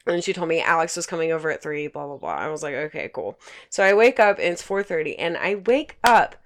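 A woman in her twenties telling a profane, animated story in casual chat, acting out quotes. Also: fairly low pitch, quick pace.

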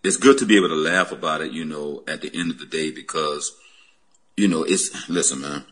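A male podcast host with an extremely deep, husky voice talks casually with his guests. He fills his sentences with "you know" and "man". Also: a little fast, a bit bright. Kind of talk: casual chat.

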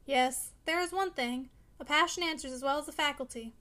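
A man's voice: very high voice, a little fast, sharp tone, poor audio. A woman voicing a brooding, sensitive young man who argues vehemently in a storybook reading. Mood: bitter. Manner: vehement, pleading.

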